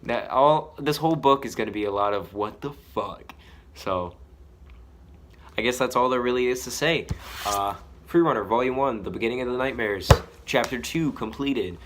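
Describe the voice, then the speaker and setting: A man's voice: medium pitch, fairly bright tone, slight background noise. A man reading his own story aloud, breaking off for self-mocking, casually profane commentary.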